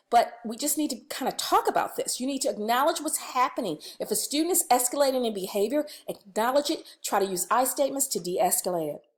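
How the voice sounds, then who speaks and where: A woman leading a recorded staff training on conflict, talking casually and acting out sample dialogue. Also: on the high side. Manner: lively, conversational, acts out sample dialogue.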